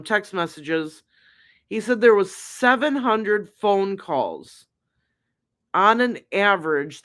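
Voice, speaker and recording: A woman's voice: fairly low pitch, fairly bright tone. A woman hosting a live-stream recap of a trial, chatting unhurriedly with her viewers. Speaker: true crime livestream host.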